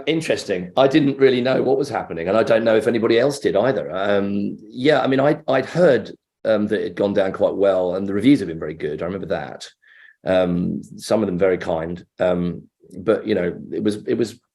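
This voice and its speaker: A man's voice: deep voice, darkish tone. Rambling man telling stories. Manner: rambling, self-interrupting storyteller. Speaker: actor guest. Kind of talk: casual anecdote in an interview.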